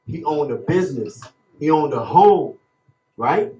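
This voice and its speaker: A man in his fifties from Chicago speaks with rising emotion in a preacher-like cadence, leaning hard on slow, emphatic phrases. His voice rings around a roomy hall, and the recording sounds dull and lo-fi. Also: fairly high pitch, lively intonation, warm tone. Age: 50s. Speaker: panel speaker. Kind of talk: impassioned testimony. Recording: echoey room, dull lo-fi sound.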